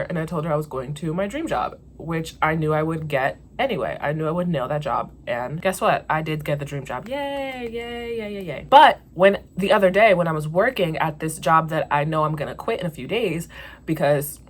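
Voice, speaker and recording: A woman's voice: low-pitched, normal speed, husky. A young woman vlogger telling a story in casual chat, venting candidly and swearing freely.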